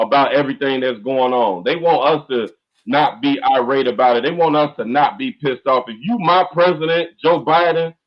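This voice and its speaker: Brief: man, fervent and repetitive, pitched a bit high, muffled online-call audio. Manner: fiery, repetitive, emphatic outbursts. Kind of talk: impassioned call-in talk.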